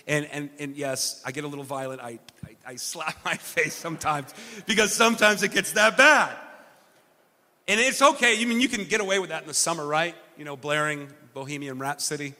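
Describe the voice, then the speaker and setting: High, bright-voiced man preaching in a hall. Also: fairly quick. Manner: earnest and self-deprecating, with frequent stammered restarts. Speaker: pastor. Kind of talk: sermon.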